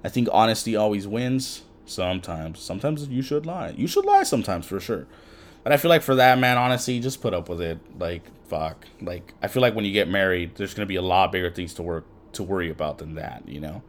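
A man's voice: low voice, a little fast, a little hiss or hum. A man hosting a podcast in casual chat, rambling with heavy swearing and lots of fillers. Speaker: podcast host.

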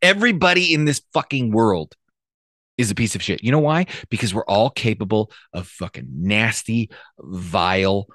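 A man's voice: lowish voice, expressive, moderate pace, a bit bright, no room sound. Male podcast co-host, emphatic and swearing, dry close mic. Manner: blunt, profane, emphatic opinions. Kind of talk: casual podcast chat.

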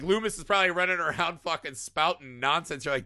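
A man in casual chat, an animated, profane storyteller who often laughs. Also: on the high side, fast talker, few pauses, no room sound.

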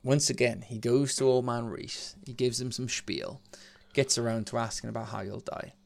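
A man's voice: medium pitch, steady tone, normal speed, vocal fry. A man casually retelling a legend as a podcast host, swearing and laughing as he goes. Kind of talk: casual storytelling.

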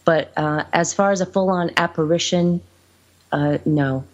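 A woman's voice: on the low side, steady tone, measured pace. A woman who owns the house, casually telling anecdotes in a chatty way. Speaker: house owner and guest. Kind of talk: casual storytelling. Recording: muffled lo-fi audio.

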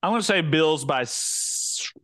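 A man's voice: fairly high pitch, expressive, a little slow, a bit bright, dry recording. A man co-hosting a casual sports podcast, easygoing, laughing often and repeating himself. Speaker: podcast co-host.

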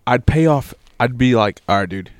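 A man's voice: medium pitch, animated, moderate pace, no echo. A young man co-hosting a casual podcast with friends by a fire, bantering in slangy, joking talk. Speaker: podcast co-host. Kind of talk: casual chat among friends.

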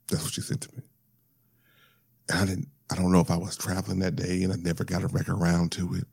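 A deep-voiced man speaks in a halting, emotional monologue, stumbling over his words and trying not to cry. His low voice has a gravelly, creaky edge. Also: a little mellow, no room sound, clean studio sound. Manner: halting, restarts often, fighting back tears. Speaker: storyteller sharing a personal loss.

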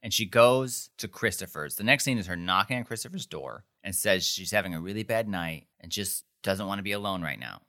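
This man sits low in pitch yet sounds animated, pushed, and bright, moving at a brisk clip with hardly any pauses. Co-hosting a podcast, he rambles through a TV episode recap, leaning on "like" and performing the quotes.

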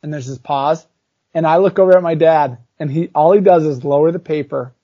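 A man telling a childhood story in casual chat, animated and chatty, full of fillers. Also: fairly high pitch, brisk, no room sound. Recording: dull lo-fi recording.

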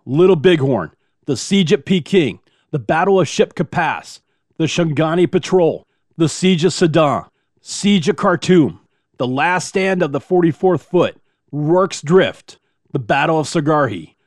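A man's voice: fairly high pitch, animated, unhurried, darkish tone, no echo, studio quality. A man hosting a history podcast, reading through a list in a chatty, self-deprecating way. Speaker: podcast host. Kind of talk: informal history podcast narration.

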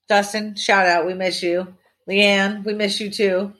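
Teasing breathy woman co-host. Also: medium pitch, flat delivery, a little slow, a bit bright. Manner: teasing, playful, laughs often. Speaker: podcast co-host. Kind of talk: casual banter.

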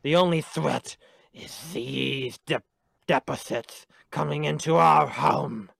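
A man voicing a menacing hunchbacked male town official, speaking slowly and threateningly. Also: on the high side, creaky, a bit bright, no echo, heavily acted. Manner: slow, threatening, drawn-out.

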